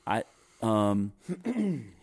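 A man from North Carolina with a softened Southern accent, a pastor chatting thoughtfully and often restarting his sentences. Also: on the low side, big pitch swings, drawn-out words. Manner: thoughtful, restarts often, chuckles while telling stories. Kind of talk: conversational podcast chat.

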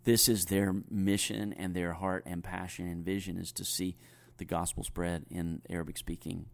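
A man from North Carolina with a softened Southern accent, a pastor chatting thoughtfully and often restarting his sentences. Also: low-pitched, level tone, moderate pace, creaky. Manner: thoughtful, restarts often, chuckles while telling stories. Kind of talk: conversational podcast chat.

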